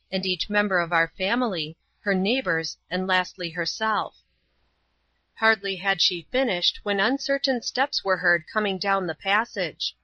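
A woman narrating a story aloud as an audiobook reader, in a steady, even storytelling way. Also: medium pitch, no room sound, muffled recording. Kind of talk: scripted narration.

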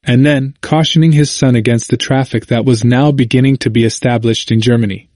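A man reading a historical narrative aloud in a steady, measured way. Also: medium pitch, no echo, studio quality. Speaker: audiobook reader. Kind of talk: scripted narration.

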